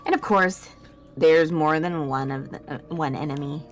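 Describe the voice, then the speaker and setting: A woman's voice: low-pitched, normal speed, soft background music. A woman reading a first-person audio drama script aloud, stumbling and correcting herself with laughing asides.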